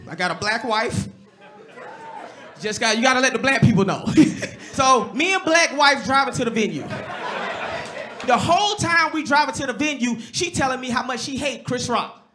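A man performing a loud, animated stand-up set on a comedy club stage, jumping into shouted voices as he tells a story. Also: extremely high pitch, normal speed, pauses often.

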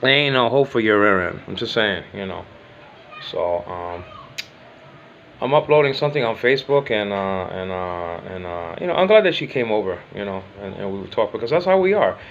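A man's voice: on the low side, animated, normal speed, lo-fi sound, a little hiss or hum. An older man whose first language is Spanish, chatting casually in a home vlog, rambling and repeating himself, teasing and affectionate. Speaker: vlogger.

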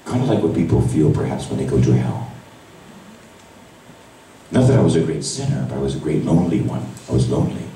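A man, a priest, giving an emotional sermon that drops to a hush and rises to cries. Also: rumbling low, lively intonation, fairly quick, pauses often, a little hiss or hum. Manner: emotional testimony, voice swinging from hushed to cries. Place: large church at a retreat Mass. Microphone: far camera recording. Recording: echoey church from far off.

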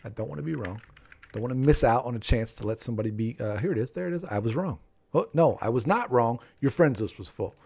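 A man commentating live gameplay for viewers, excitable, talking to his players and breaking into high shouts, with keyboard typing behind him. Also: quick pace, vocal fry, slightly rough. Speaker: game streamer.

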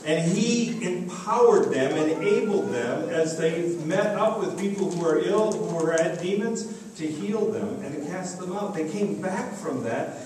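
A man's voice: high-pitched, expressive, a little slow, a little mellow. A man preaching a sermon as pastor, telling a story and acting out the voices in it. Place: church sanctuary. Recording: echoey church, distant mic, faint noise.

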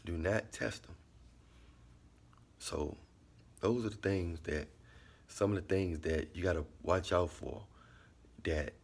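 Man, low husky voice, relaxed repetitive monologue. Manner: laid-back, repetitive, drops into quiet asides. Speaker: vlogger giving life commentary. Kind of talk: casual monologue.

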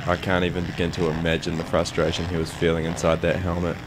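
A man giving calm, measured scripted narration for a race documentary. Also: low-pitched, background noise. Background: music.

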